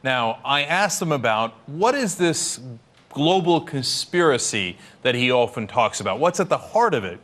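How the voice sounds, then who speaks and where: A man's voice: medium pitch, big pitch swings, normal speed, fairly bright tone. A man hosting a talk show, interviewing a guest with skeptical, probing questions.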